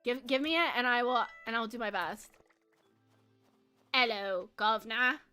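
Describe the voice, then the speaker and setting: Bright-voiced, giggly young woman streamer. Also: on the high side, brisk, smooth, soft background music. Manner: chatty, giggly, lots of fillers. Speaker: game streamer. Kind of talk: casual chat while gaming.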